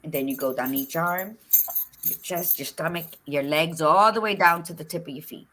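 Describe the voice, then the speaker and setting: A middle-aged woman co-hosts a casual talk show podcast, chatting in an expressive, frank, and folksy way while mixing in Spanish words. Her voice sits low, her speed is normal, and there is a little hiss or hum.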